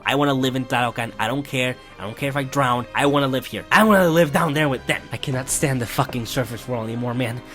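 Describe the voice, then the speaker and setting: A man gushing through a casual movie review in a profane, animated way. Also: medium pitch, fast, few pauses, soft background music. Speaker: film reviewer.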